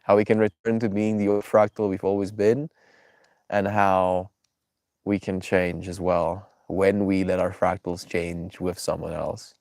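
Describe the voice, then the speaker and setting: A man with a stuffy, congested voice talks gently to his chat, greeting viewers by name and musing out loud. His voice sits low, and the sound is dry and close, with no room echo. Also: level tone, measured pace. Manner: reflective, affectionate, reads chat names aloud. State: stuffy nose. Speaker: streamer. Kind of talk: casual live-stream chat with viewers.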